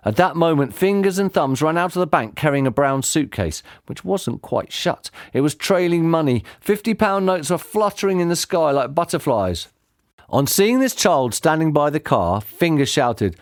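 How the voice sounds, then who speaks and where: A man reading a children's book aloud as an audiobook narrator, with expressive delivery. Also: a little high, normal speed, no echo, clean studio sound. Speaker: audiobook reader. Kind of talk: storybook narration.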